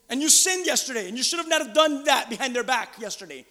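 A middle-aged man preaches a sermon in a church. His voice is high and bright. He shifts between loud exclaiming and hushed asides, and a long reverb from the hall hangs behind him. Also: expressive, fast talker, hardly any pauses. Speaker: pastor. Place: church sanctuary.

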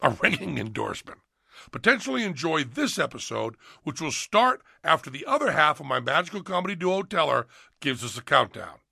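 A man voicing a deadpan adult male guest announcer, reading a dry, mock-formal promo. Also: on the high side, brisk, gravelly, husky, no room sound, heavily acted.

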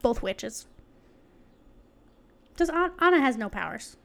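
A woman's voice: on the high side, big pitch swings, takes it slowly, creaky. Playful young woman reading aloud. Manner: reads an article aloud with joking asides and frequent laughs. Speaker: podcast co-host. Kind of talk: casual podcast chat, reading aloud.

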